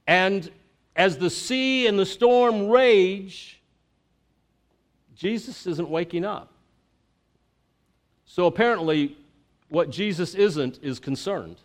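A middle-aged man from Florida, giving a conversational sermon as pastor, halting with many fillers and restarts. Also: high voice.

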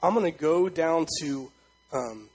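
A man's voice: on the high side, lively intonation, unhurried, background noise. A man in young adulthood preaching a sermon as pastor, in a conversational style, asking the congregation questions and voicing God with emphasis.

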